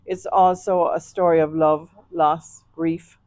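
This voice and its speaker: A Jamaican woman being interviewed as an author, speaking in a measured, reflective way. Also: low-pitched, flat delivery, dark tone, no echo, studio quality. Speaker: author guest. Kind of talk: interview conversation.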